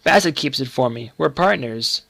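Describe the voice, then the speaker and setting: A man voicing an earnest, secretive young boy who speaks gravely and pleads with his uncle. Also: mid-range voice, lively intonation, moderate pace, a bit bright, no room sound.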